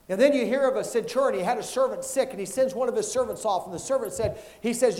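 A pastor preaching an animated sermon, acting out Bible stories and calling for amens from the congregation. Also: male voice, very high voice, brisk.

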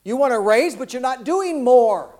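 Man in his 60s, a high-pitched preacher who delivers an animated sermon and draws responses from the crowd. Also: moderate pace. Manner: folksy, animated, calls out to the congregation for responses.

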